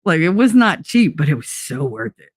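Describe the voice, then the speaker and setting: With a deep, breathy-edged voice at normal speed, a middle-aged woman running a relaxed livestream tells lively stories while responding to chat. She swears plenty and laughs a lot. Recorded in studio quality, with no echo.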